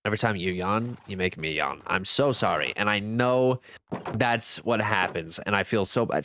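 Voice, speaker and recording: During a casual live-stream of a game, an animated man with a sharp tone reads viewers' messages aloud, answers and thanks them, and jokes about himself. He talks at normal speed, swinging between high and low pitch, in a dry recording.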